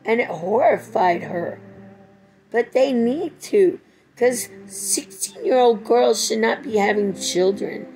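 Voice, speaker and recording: A woman's voice: on the high side, slow, a little mellow, soft background music, poor audio. A middle-aged woman in a rambling personal monologue, profane and swinging between tender and angry.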